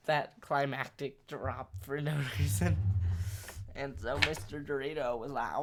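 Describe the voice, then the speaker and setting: A man tells a rambling, goofy story for his vlog in a deliberately put-on British accent. He speaks slowly, at a mid pitch, with a rambling, offbeat manner. It is recorded close on a studio mic with a pop filter. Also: fairly even intonation, background noise. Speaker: vlogger.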